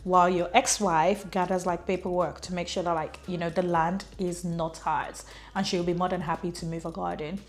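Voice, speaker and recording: Woman voicing a calm, polite police officer. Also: lowish voice, natural voice. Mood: reasonable. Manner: measured, polite.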